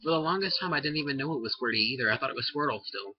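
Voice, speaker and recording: In a dull, dry lo-fi recording, a teenage boy vlogs an indignant, rambling rant in an animated, rapid-fire, husky voice of medium pitch. When he gets worked up, his pitch spikes sharply.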